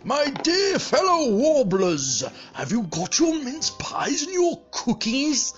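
A man's voice: huge pitch swings, lo-fi sound, soft background music, exaggerated voice. A man voicing a jolly, crude Father Christmas, laughing ho-ho-ho and drawing out his words theatrically. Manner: booming ho-ho laughter, drawn-out theatrical delivery.

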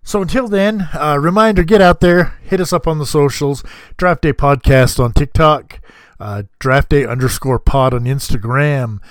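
A man's voice: on the high side, normal speed, no room sound. A man hosting a casual podcast, laid-back and joking, swearing freely as he talks. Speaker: podcast host. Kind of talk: casual chat.

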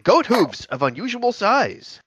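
A man's voice: high voice, very animated, measured pace, a bit bright, husky, highs cut off, heavily acted. Man doing an eager, nosy old professor. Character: eager eccentric male professor.

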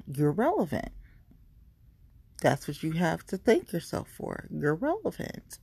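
Woman podcaster, blunt and profane, warm low voice, dry close sound. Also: huge pitch swings, measured pace, creaky, breathy edge, no room sound. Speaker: podcast host. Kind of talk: casual ranting monologue.

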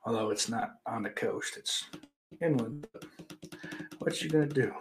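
A man's voice: medium pitch, measured pace, background noise. Rambling, profane male streamer. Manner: rambling, profane, loose and joking. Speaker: livestream host. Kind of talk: casual chat to a live chat.

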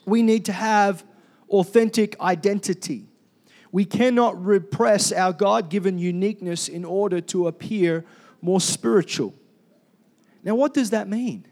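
Loud energetic high-voiced preacher. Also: male voice. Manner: energetic, loud, calls for congregation responses. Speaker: pastor. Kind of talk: sermon.

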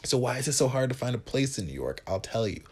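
A man in his twenties from Wisconsin, hosting a podcast and telling a comic story in a profane, animated, self-mocking way. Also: medium pitch, fast talker, slightly rough. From Wisconsin, USA. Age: 20s. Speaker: podcast host. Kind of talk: comedic storytelling monologue.

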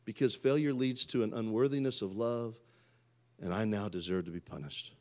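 A man, preaching a sermon and swinging from loud outbursts to quiet asides. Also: fairly low pitch, normal speed. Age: 30s. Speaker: pastor.

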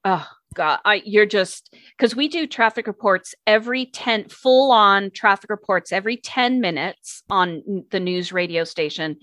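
A woman, a traffic and news radio reporter, telling stories with lively enthusiasm in a casual interview. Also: medium pitch, no echo. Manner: animated, enthusiastic storyteller.

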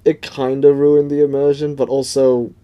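A man co-hosting a relaxed podcast, going over a show in a very dark, mellow voice at a middle pitch. He stumbles and repeats words as he talks, and turns playful now and then. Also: moderate pace, clean tone, dull audio. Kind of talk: casual chat recapping a show.

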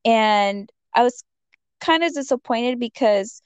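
A woman's voice: on the high side, animated, takes it slowly, clean tone, dry recording. A woman telling a story in casual chat, rambling with many fillers and acting out the quotes. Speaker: storyteller in a conversation. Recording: dull dry lo-fi audio.

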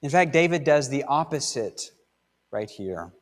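A man's voice: mid-range voice, lively intonation, unhurried, in a large hall. A man preaching a sermon as pastor, conversational and emphatic, stretching out words for stress. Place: church sanctuary.

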